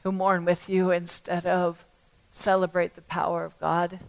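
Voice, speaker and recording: A woman preacher delivering a sermon to a congregation, emphatic and repetitive, swinging from loud appeals to hushed words. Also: lowish voice, flat delivery, unhurried, vocal fry, rough recording. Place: church service.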